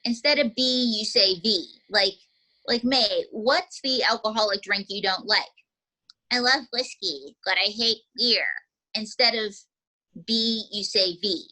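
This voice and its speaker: Bright, slightly high woman coaching a beginner, chatty and demonstrative. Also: measured pace, poor audio. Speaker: ventriloquism teacher. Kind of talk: casual instruction.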